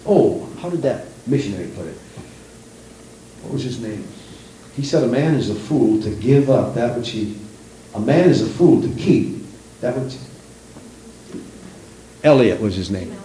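A middle-aged man preaches in a very echoey church, his pitch swinging up and down as he drives each point home. His tone is mellow and dark, and he takes on other people's voices when he quotes them. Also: a little slow, long pauses, recorded from a distance, slight background noise. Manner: animated preaching, acting out quoted voices, rising emphasis. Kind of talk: sermon. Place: church sanctuary.

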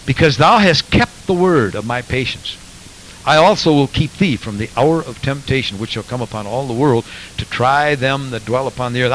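A man's voice: mid-range voice, fairly bright tone, poor audio. A man preaching a sermon, quoting scripture and pressing his points with rhetorical questions. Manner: emphatic, rhetorical questions, quotes scripture in King James wording. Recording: faint hiss.

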